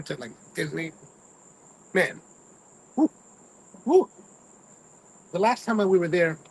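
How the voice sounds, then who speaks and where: A man's voice: fairly high pitch, creaky, slight background noise, rough recording. A man hosting a cigar review, chatting casually to live viewers and rambling through personal stories. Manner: rambling storyteller, mimics his own grumbling.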